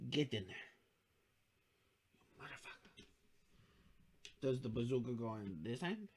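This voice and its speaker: A man's voice: medium pitch, sing-song, a little fast, slight background noise. A tired man hosting a casual livestream, rambling and jokey, swearing freely and slipping into silly accents. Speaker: livestream host building model kits.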